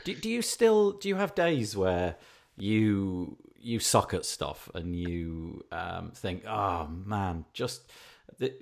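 Podcast host guy, low voice, stumbles and restarts a lot, laid back chat. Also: expressive, slow, creaky. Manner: hesitant, many fillers and restarts, self-deprecating. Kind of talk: casual interview chat.

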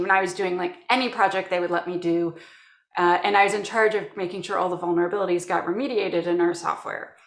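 A woman's voice: medium pitch, creaky, echoey room. A woman from Canada, a security professional, telling work stories in an interview and acting out quotes from colleagues. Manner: animated storyteller, acts out quotes. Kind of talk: conversational interview.

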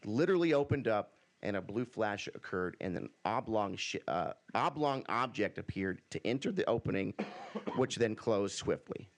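A man's voice: on the low side, expressive, moderate pace. Man narrating a podcast story. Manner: reads a story aloud, breaks into laughter. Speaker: podcast host reading the story.

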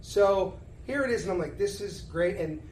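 A middle-aged man with a Philadelphia accent, a guest telling stories in a casual interview, lively and acting out the lines of others. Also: high voice, moderate pace. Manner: animated storyteller who acts out dialogue. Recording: roomy echo, faint background noise.

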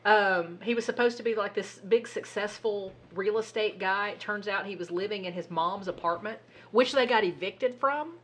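Woman co-host, husky, worked-up chatty delivery, mid-range voice. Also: medium pitch, moderate pace. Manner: animated, exasperated storytelling with swearing. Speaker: podcast co-host. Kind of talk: casual chat.

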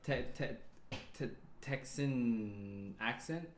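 A man in casual podcast chat, asking halting questions. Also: mid-range voice, a little hiss or hum. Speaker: podcast co-host. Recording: echoey room.

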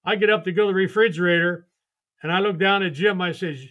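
Lively older man telling stories, high bright voice. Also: fast. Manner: animated, laughing storyteller who acts out voices. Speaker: guest, retired baseball coach. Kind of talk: storytelling on a podcast.

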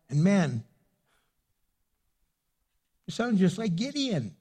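Pastor guy preaching a sermon, lively, does little voices for the people in the story, kinda high pitched. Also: a little slow. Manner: animated, acts out voices of people he quotes.

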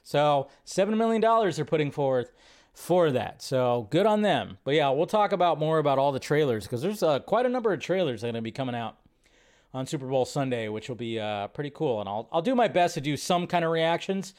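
Guy doing a live movie news stream from his computer, kinda high voice, rambly and chatty, lots of uhs. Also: sing-song, a little fast, a little mellow. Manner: chatty, rambling, thinking aloud with fillers. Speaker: host. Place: home setup at a computer.

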